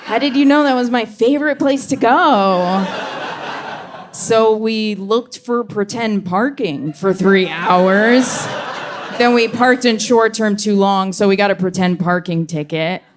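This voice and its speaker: On a comedy club stage before a live audience, a young woman performs stand-up, landing deadpan punchlines and briefly switching into voices for characters in her stories. Her pitch is medium, and the background is noisy.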